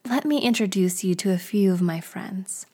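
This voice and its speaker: A woman voicing Fear, a nervous male figure in a spoken story who pleads in a warm, mellow voice. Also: medium pitch, normal speed, breathy edge, lightly acted. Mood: anxious. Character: panicking fearful male spirit, anxious and clingy.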